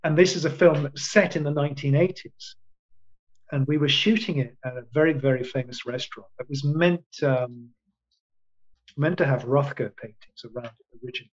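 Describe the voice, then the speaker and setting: A man's voice: medium pitch, moderate pace, muffled recording. A man in his sixties, an actor being interviewed, telling long anecdotes with many restarts and quoted asides. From England. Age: 60s. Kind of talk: casual storytelling in an interview.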